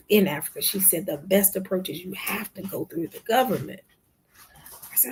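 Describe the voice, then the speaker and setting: A woman's voice: mid-range voice, expressive, normal speed, darkish tone. A woman hosting a livestream show, chatting casually with viewers and retelling a conversation in quoted dialogue, often calling them "y'all". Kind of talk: casual storytelling to a live audience.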